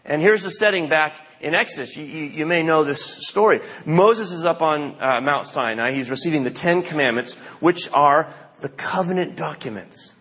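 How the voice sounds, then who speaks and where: A man's voice: on the high side, a bit bright, husky. A man preaching a sermon as pastor, telling stories in a conversational way and acting out the quotes he tells. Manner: conversational storytelling with acted-out quotes. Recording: long reverb of a large hall.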